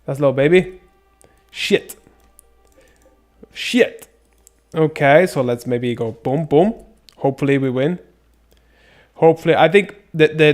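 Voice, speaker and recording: A man streaming a game live, chatting casually with viewers, excitable and swearing often. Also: medium pitch.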